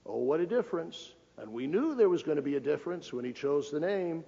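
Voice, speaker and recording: In a lecture hall, a man speaking as a cardinal gives a folksy, emphatic public lecture and jokes with the audience. His voice is a little high, gravelly and mellow with a breathy edge, fairly quick with lively intonation. The lo-fi recording carries long hall reverb.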